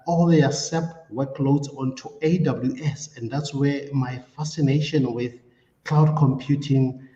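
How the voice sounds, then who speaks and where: A man from South Africa answering mock interview questions as a job candidate, hesitant and halting. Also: mid-range voice, dark tone. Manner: hesitant, many fillers and restarts. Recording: echoey dull room sound.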